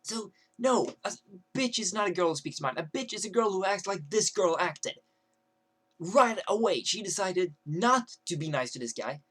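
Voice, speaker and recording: A man's voice: sits high, a bit bright, slightly rough. A young man ranting to camera as a vlogger, rambling with many fillers and restarts.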